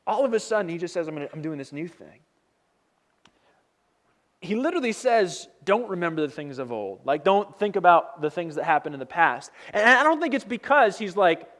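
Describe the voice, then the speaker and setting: Casual young male pastor, slightly high. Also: sing-song, a little fast, fairly bright tone. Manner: conversational storytelling with fillers and paraphrased dialogue. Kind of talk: casual sermon.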